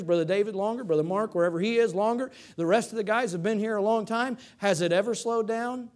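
Texan male pastor, fairly high voice, energetic preaching with soft drops. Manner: animated preaching with sudden loud climaxes and soft asides. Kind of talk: sermon.

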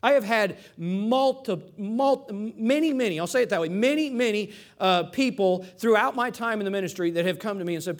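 A male pastor preaching a sermon, shifting between loud emphatic lines and hushed, drawn-out phrases, often repeating himself and restarting words. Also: high voice.

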